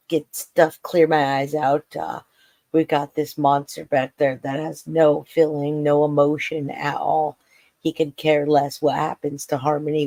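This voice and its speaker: A man hosts a true crime live chat, blunt and openly emotional as he reacts to a sentencing. He fights back tears and his voice cracks. He speaks in a fairly high, flat tone that sounds dry and close. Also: vocal fry, no room sound. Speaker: true crime livestream host. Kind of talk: emotional live commentary on court footage.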